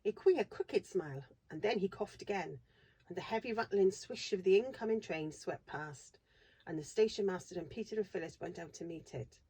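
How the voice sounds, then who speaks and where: A woman reading a classic children's novel aloud in a steady, expressive narration. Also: medium pitch, moderate pace, slightly rough. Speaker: reader. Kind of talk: storybook read-aloud narration.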